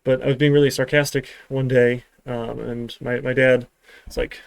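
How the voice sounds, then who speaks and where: Man, programming instructor, classroom lecture, sarcastic asides, gravelly voice, dry close sound. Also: medium pitch, little pitch movement, brisk, dry recording. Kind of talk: live-streamed classroom lecture.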